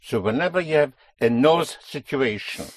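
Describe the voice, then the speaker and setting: Husky-voiced man teaching a language lesson. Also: mid-range voice, expressive, moderate pace, dry recording. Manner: patient, explanatory, stresses key words.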